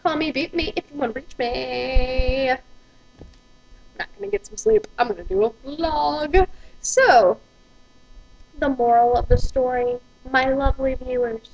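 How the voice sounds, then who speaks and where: A woman's voice: high-pitched, unhurried, gravelly, darkish tone, lo-fi sound. A woman, ranting profanely and with exasperation in a vlog. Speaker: vlogger.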